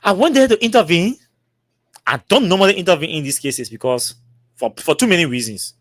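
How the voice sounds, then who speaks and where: Speaking a little fast in a high voice, this Liberian-accented talk show host tells an extended story, performing the dialogue with lots of repeated lines. He's animated, and the studio recording carries no echo.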